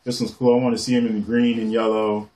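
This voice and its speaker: A man casually showing off his comic collection on camera, rambling excitedly and swearing casually as he goes. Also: fairly low pitch, quick pace. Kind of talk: casual show-and-tell.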